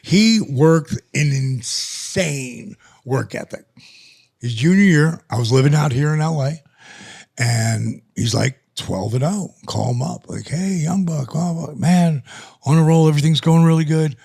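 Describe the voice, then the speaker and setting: An older man as a podcast guest, telling stories in a casual, animated way and acting out the conversations. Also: fairly high pitch, unhurried, gravelly, slightly rough. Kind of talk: casual storytelling. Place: lives in the US.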